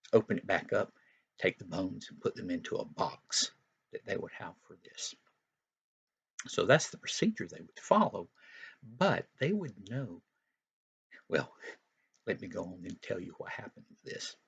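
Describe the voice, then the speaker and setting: A man's voice: sits low, animated, unhurried, creaky, breathy edge, highs cut off. A man teaching Sunday school, retelling a Bible story for young children in a folksy, explanatory way with frequent asides.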